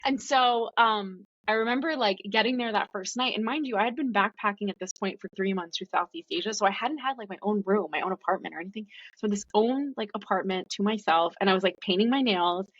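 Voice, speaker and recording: A woman with a mid-range voice tells her story as a podcast guest, speaking fairly quickly and casually with plenty of "like" fillers. The lo-fi recording is dull and dry, with no room sound.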